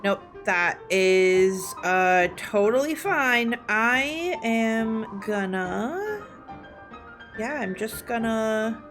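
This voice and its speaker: A woman's voice: on the high side, lively intonation, drawn-out words. A woman playing in a tabletop game, thinking aloud hesitantly while she plans her turn, with music playing underneath. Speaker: player. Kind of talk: tabletop game play, casual chat. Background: background music.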